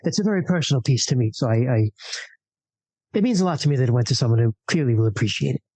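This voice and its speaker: Brief: player voicing a stammering, excitable woman artist, very lively pitch, dry sound. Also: fast, no room sound. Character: flustered, polite young woman artist.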